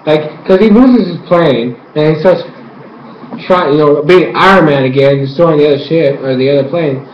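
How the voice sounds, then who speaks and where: A young man races through a rambling fan recap, jumping into yelps and sound effects as he acts out scenes. His voice sits a little high for a man. The recording is muffled and lo-fi, in an echoey room with a faint hum of ambience. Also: normal speed. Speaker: fan reviewer. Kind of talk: excited casual episode recap.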